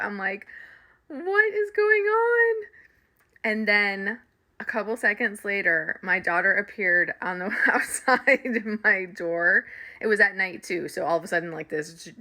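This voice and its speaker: Bright-voiced woman telling a story. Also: lowish voice. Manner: animated, laughs often while telling. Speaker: spiritual reader and coach. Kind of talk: casual storytelling to viewers.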